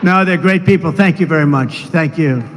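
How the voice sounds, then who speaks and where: Older man with a high voice, rambling. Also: moderate pace. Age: 70s. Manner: digressive, with conversational asides and mocking impressions. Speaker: political speaker at a rally. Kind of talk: rambling rally speech. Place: large rally venue. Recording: long reverb of a big venue, faint noise.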